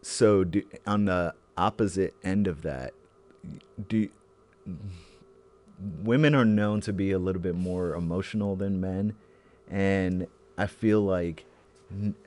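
Deep-voiced, reflective man co-host. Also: slow pace, a little mellow. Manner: reflective, searching for words. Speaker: podcast co-host. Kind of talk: casual chat.

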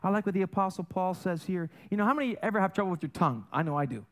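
High animated man preaching a sermon. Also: very fast. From German and Italian heritage. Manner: animated, joking, swings between loud and soft. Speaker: pastor. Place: church sanctuary.

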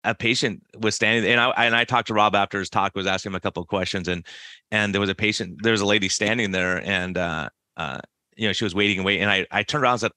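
A man's voice: on the low side, fast talker, no room sound, clean studio sound. A middle-aged man hosting a podcast, telling stories animatedly with frequent restarts. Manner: storytelling, animated, many restarts. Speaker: podcast host, doctor. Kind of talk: casual interview chat.

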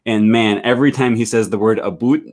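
A man hosting a casual chat, relaxed and curious, with many fillers. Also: fairly low pitch, quick pace. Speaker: host. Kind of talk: casual video call chat.

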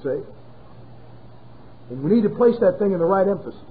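A man preaching a sermon to his congregation in a folksy, emphatic way, slowing down hard on key words. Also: high-pitched, expressive, a little hiss or hum. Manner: folksy, emphatic preaching with sudden slowdowns and chuckles. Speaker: pastor. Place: church. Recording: tinny phone-like audio.

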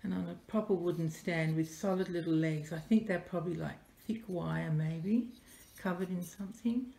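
A woman unboxing a parcel on camera as a doll collector vlogger, gushing and softly delighted, often dropping to breathy whispers. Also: fairly low pitch, moderate pace. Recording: echoey room with faint noise.

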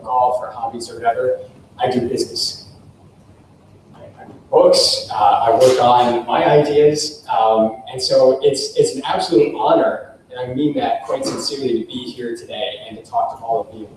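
An American man from the United States gives an informal talk in a workshop room, enthusiastic and effusive and full of fillers. His medium-pitched, darkish voice stays fairly even at a normal speed. The echoey recording makes him sound far off, with a little hiss or hum.

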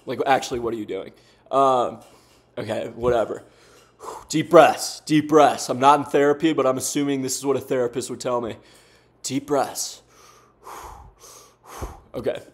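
A man's voice: medium pitch, fairly even intonation, quick pace. A young man commentating his own game, frustrated, rambling and swearing with lots of fillers. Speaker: gaming streamer. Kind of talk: casual commentary while playing.

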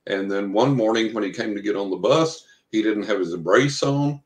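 An older man with a fairly low voice speaks at a normal pace as a guest in an interview. A psychic investigator, he tells long anecdotes packed with fillers and acted-out quotes, recorded in an echoey room.

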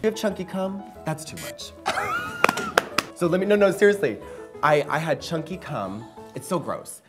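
A man's voice: a little high, sing-song, moderate pace, music in the background. A man co-hosting a comedy show, rambling through absurd stories and breaking into yelping laughs.

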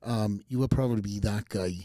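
A man's voice: fairly low pitch, steady tone, moderate pace, mellow, no echo, studio quality. A man from South Wales with a Welsh accent hosting a podcast, full of joking, teasing banter. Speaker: podcast host. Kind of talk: casual interview banter.

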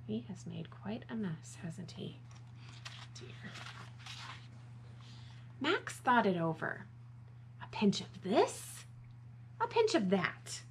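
Slow, expressive storytime librarian woman. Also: medium pitch, a little hiss or hum. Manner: slow, expressive, asks the kids questions. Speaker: children's librarian. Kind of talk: storytime read-aloud.

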